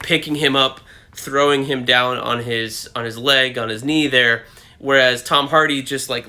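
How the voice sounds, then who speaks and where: Bright-voiced man rambling about comics. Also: mid-range voice. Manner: rambling, with many fillers and self-corrections. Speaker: comic book video host. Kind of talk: casual comic book commentary.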